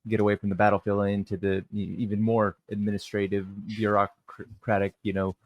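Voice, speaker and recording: A man co-hosting a podcast, making dismissive remarks in a casual, unhurried way. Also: lowish voice, flat delivery, no echo. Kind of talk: casual conversation.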